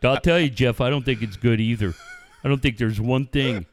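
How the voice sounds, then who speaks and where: A man's voice: medium pitch, brisk, no echo. A middle-aged man, a guest on a talk show, telling profane, joking stories about his kids and acting out the quotes. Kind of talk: casual storytelling chat.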